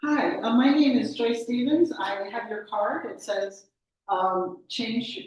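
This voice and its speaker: A woman's voice: fairly high pitch, slow pace, darkish tone, voice pushed up. Woman voicing a flustered, hesitant young woman on the phone; distant mic, very echoey room. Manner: hesitant, many ums, unsure.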